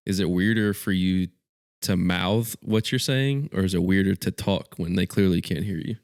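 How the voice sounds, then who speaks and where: A man's voice: low-pitched, moderate pace, a little mellow, no echo, studio quality. A man co-hosting a podcast, chatting casually and telling rambling stories with quoted voices. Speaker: podcast co-host. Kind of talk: casual chat.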